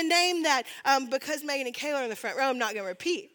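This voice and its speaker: Bright high-voiced woman preaching. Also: animated, a little fast. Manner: chatty, many fillers, laughs at herself. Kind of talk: sermon with a personal story.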